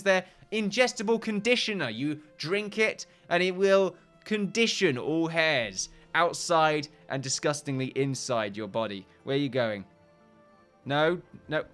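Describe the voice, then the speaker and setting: A man's voice: on the high side, a bit bright. A man with a British accent giving rambling, jokey and profane commentary as he plays a game. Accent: British English. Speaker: gaming video host. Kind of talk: casual gameplay commentary.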